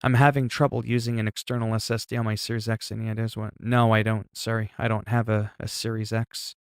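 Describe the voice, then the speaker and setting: A man chats easily through a game livestream, answering viewers and reacting with quick exclamations. His voice sits on the lower side, recorded close and dry with no room sound. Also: little pitch movement, clear, resonant tone, no room sound. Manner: chatty, reacting to chat and exclaiming. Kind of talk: casual livestream chat.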